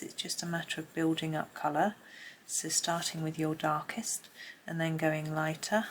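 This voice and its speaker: Low-voiced woman, gravelly tone. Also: a little hiss or hum. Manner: chatty and rambling, often trailing into soft asides under her breath. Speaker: colouring tutor. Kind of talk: casual colouring tutorial, talking while drawing. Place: home room with pencils scratching on paper.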